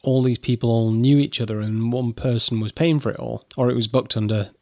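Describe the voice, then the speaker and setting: A man's voice: medium pitch, fairly even intonation, fairly quick, darkish tone, no room sound, studio quality. A man co-hosting a podcast, recapping with amused, chuckling casual chat. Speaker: podcast co-host.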